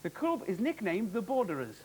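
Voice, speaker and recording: Male TV quizmaster, high and animated, jokey and brisk. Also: slight background noise, rough recording. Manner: jokey, upbeat, quick quizmaster delivery. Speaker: quiz show host. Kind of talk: televised quiz hosting.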